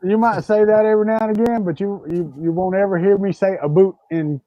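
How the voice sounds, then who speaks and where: Fast and warm-toned, a man with a high, fairly even voice co-hosts a livestream chat, joking and telling stories with lots of restarts. The audio is dull, with no room sound.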